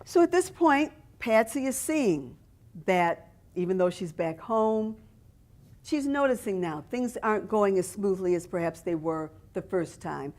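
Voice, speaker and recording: A woman author speaking at a library event, reading passages from her book and explaining them. She talks in a measured, storytelling manner. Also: medium pitch, a little mellow.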